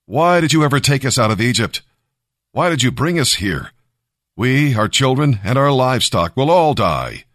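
A man's voice: mid-range voice, big pitch swings, moderate pace, fairly bright tone, no echo, studio quality, voice pushed up. A man reading the lines of a grumbling, thirsty crowd in a Bible reading, raised and pleading. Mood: complaining.

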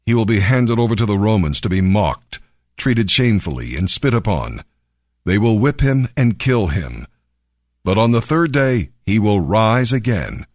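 A man reading aloud, voicing Jesus as a calm, solemn teacher with a measured, earnest delivery. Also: fairly low pitch, dry recording, clean studio sound.

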